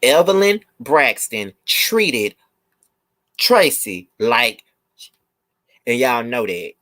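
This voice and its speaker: A man's voice: medium pitch, big pitch swings, slow, long pauses, sharp tone. A man hosting a live review, ranting emphatically to his viewers with blunt, profane repetition. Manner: blunt, swears freely. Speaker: video host and reviewer.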